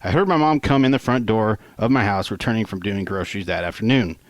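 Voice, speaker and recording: Low-voiced man casually reading his own novel. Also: quick pace, no room sound. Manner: casual, conversational, with offhand asides and swearing. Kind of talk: first-person audiobook narration.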